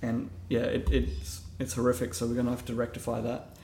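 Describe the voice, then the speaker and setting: A man's voice: medium pitch, completely flat delivery, fairly quick, dark tone, roomy sound, a little hiss or hum. An Australian man, a knife maker, chatting casually on a podcast and rambling with many self-deprecating restarts.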